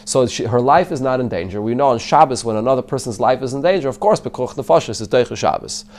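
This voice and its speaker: A rabbi teaches a Talmud class, translating the text line by line and explaining it in English mixed with Hebrew and Yiddish terms, and he answers students' questions. His mid-range voice is darkish, with lively intonation and a quick pace.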